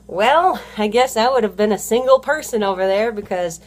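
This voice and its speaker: Her voice sits on the high side and her pace is moderate. This stay-at-home mom rambles in a casual vlog, repeatedly correcting herself and peppering her talk with "you know".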